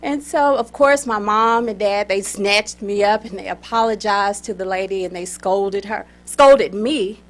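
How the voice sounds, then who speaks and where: A woman's voice: medium pitch, a little slow, hardly any pauses. A woman giving a humorous contest speech, talking straight to the audience, getting them to answer and laughing between lines. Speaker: contest speaker.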